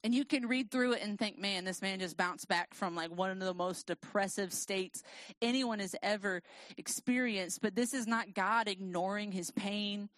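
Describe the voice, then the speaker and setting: A woman preaching a sermon and reading scripture aloud, with a casual, self-deprecating, lively storytelling manner. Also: medium pitch, moderate pace, no room sound, low-quality recording.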